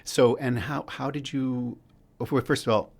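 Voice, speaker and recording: A man hosts a relaxed interview, asking curious questions and dropping in light jokes. His voice is mid-pitched with a gravelly edge to it. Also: a little slow. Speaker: host. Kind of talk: casual interview chat.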